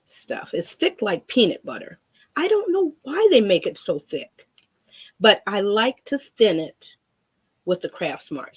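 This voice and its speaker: A woman's voice: sits high, very animated, moderate pace, husky. A woman demonstrating a painting craft in a chatty, rambling way, often repeating her words.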